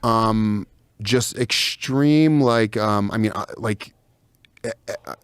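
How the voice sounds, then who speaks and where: A man telling a profane, animated anecdote as a podcast guest. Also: lowish voice, slow, smooth, no room sound. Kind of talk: storytelling on a podcast.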